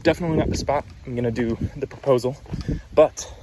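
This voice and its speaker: A man's voice: mid-range voice, fast talker, background noise. Upbeat young man vlogging on a trail. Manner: upbeat, chatty, self-teasing. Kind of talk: casual hiking vlog. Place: wooded hiking trail outdoors.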